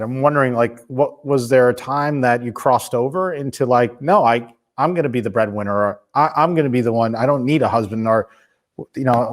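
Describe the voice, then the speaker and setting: A man hosting an interview podcast, asking follow-up questions in a halting way and often repeating words. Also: mid-range voice. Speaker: podcast host.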